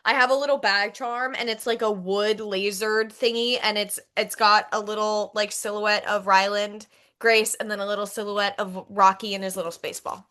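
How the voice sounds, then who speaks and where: A woman's voice: mid-range voice, steady tone, moderate pace, bright, forceful tone. A young woman co-hosting a podcast, chatting casually and rambling with fillers. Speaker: podcast co-host. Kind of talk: casual chat.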